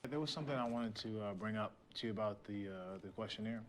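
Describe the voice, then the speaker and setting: An actor playing a smooth, flirtatious rich tech entrepreneur who talks in a suggestive, teasing way. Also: male voice, lowish voice, quick pace, close to an everyday voice.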